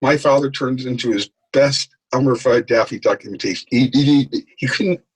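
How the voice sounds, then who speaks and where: A man telling lively anecdotes as a guest in an interview, acting out the people in his stories. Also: medium pitch, normal speed, slightly rough, rough recording. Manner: animated anecdote telling, acts out quoted voices. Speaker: guest, author. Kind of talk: storytelling in a podcast interview.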